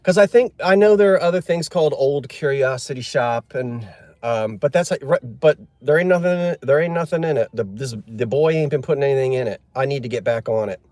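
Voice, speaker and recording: A man's voice: medium pitch, brisk, darkish tone, no echo. A man chatting casually on a live stream, joking and answering viewer comments. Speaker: livestream host.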